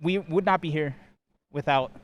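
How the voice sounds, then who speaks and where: A man's voice: on the high side, normal speed. A man hosting a live fighting-game show from a convention floor, joking and a bit out of breath. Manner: energetic, joking, says he is out of breath. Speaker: host. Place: large indoor convention hall floor.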